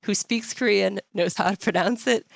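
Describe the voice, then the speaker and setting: A woman's voice: mid-range voice, moderate pace, gravelly, no room sound. A woman guest on a podcast, chatting thoughtfully and at length with frequent fillers. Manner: thoughtful, rambling, lots of fillers. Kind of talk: casual chat.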